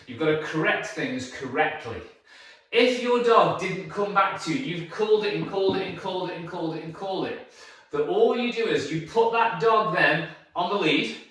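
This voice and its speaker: Man, dog trainer, emphatic and repetitive, lively swooping voice, high pitch, echoey far-off sound. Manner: emphatic, repetitive, coaxing sing-song praise to the dog. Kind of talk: instructional talk to camera. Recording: very echoey, distant from the mic.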